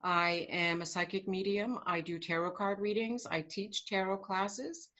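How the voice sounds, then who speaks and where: A woman's voice: mid-range voice, steady tone, unhurried, fairly bright tone. A woman psychic medium talking in a casual group chat, upbeat with many fillers. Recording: lo-fi call audio.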